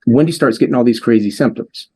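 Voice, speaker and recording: A man guest in an interview, earnestly telling a long personal story with halting restarts. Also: medium pitch, mellow, husky. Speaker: interview guest, device developer.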